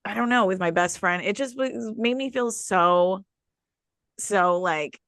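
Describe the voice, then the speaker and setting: A woman's voice: medium pitch, unhurried, a bit bright, smooth, no room sound, clean studio sound. A woman co-hosting a podcast in casual chat, talking in a rambling, nostalgic way with trailing restarts. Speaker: podcast co-host.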